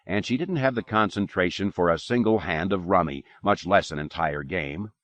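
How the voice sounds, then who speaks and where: Deep-voiced man reading an audiobook. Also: no echo. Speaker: audiobook narrator. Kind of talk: audiobook narration. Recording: dull lo-fi cassette recording.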